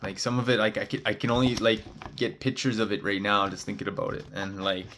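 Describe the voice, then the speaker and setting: A man's voice: lowish voice, level tone, fast talker, noisy background. A man, a spiritual card reader, telling a meandering story in casual talk, full of "uh" and "like". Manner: meandering, heavy on "uh" and "like" fillers.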